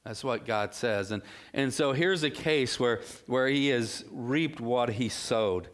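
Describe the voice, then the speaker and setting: A middle-aged male pastor preaching a sermon in a relaxed, conversational way, full of rhetorical questions and asides. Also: mid-range voice, slow pace.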